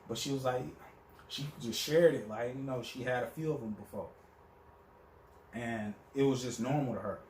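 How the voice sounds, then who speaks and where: A man's voice: medium pitch, moderate pace, long pauses, darkish tone, reverberant, a little hiss or hum. A young man telling a story in a casual, profane monologue, acting out the people he quotes. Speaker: vlogger.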